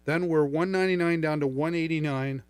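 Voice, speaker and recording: A man's voice: a little high, fairly quick, clean tone, no room sound. Upbeat middle-aged male live-stream seller. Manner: upbeat salesman chatter, playful. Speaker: live shopping host. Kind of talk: live-stream product demo. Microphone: studio microphone through a mixer.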